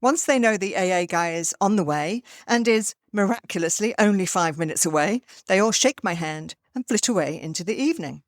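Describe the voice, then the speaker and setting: Older woman, podcast host, animated storyteller, dry close-miked sound, middle pitch. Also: brisk, hardly any pauses, no room sound. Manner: lively storyteller, acts out quoted voices. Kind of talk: storytelling monologue.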